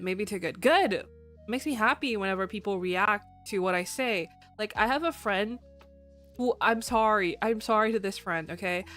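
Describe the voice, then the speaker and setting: A young woman streaming as a vtuber, chatting casually and teasing her viewers with giggles, often slipping into a higher, cutesy greeting voice. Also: fairly bright tone.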